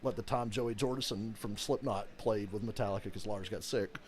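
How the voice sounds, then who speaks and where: A man's voice: fairly low pitch, a little fast, slight background noise. A man hosting a live game reaction, chatting casually with a friend and swearing freely as he tells stories. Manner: profane, animated storyteller who laughs a lot.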